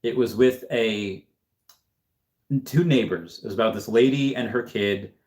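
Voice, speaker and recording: A man hosting a casual livestream, talking in a rambling, halting way with many restarts and fillers. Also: fairly low pitch, a little mellow. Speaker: livestream host.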